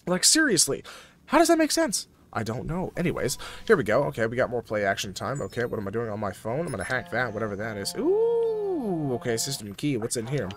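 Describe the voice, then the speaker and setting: A young man giving goofy, excitable commentary over his own video game playthrough, joking with his viewers. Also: fairly low pitch, fast, few pauses. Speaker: gaming YouTuber. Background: game music and sirens.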